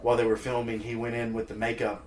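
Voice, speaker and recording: A man appearing as a podcast guest, telling stories in a relaxed way and laughing often. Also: mid-range voice, fast talker, a little hiss or hum. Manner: easygoing storyteller, laughs often. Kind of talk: casual chat.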